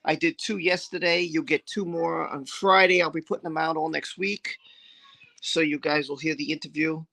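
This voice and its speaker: A woman's voice: sits low, steady tone, normal speed, vocal fry, fairly bright tone. A middle-aged woman hosting a live stream in casual chat, greeting viewers by name in a chatty, scattered way.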